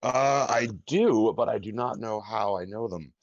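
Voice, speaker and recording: A man's voice: fairly low pitch, measured pace, no room sound. A man voicing a grumpy robot adventurer who has lost his memory and speaks with formal politeness. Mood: courtly. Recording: slightly dull lo-fi mic.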